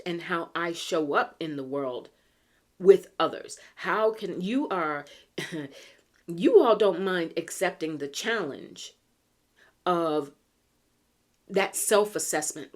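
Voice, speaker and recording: A low-pitched American woman talks through a pick-a-card tarot reading. She is chatty and earnest and slows down whenever she reads a card aloud. She clears a tickly throat from time to time. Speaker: tarot reader.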